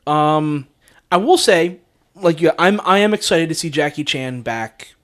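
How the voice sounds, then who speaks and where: A man talking casually on a movie podcast, his voice sitting a little on the high side for a man. He rambles and restarts his sentences, filling the gaps with ums and likes, and breaks into easy laughter. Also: lively intonation, measured pace, a bit bright. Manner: rambling, lots of fillers and restarts, laughs easily. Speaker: podcast co-host.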